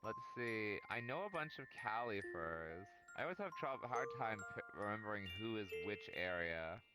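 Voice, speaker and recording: A man's voice: lowish voice, expressive, moderate pace, over loud music, poor audio. A man chatting casually on a podcast, musing aloud and teasing the others.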